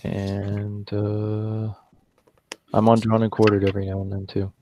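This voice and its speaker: A man on a casual livestream panel, talking in an unhurried, flat way. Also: lowish voice, a little hiss or hum. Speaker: panel guest, artist.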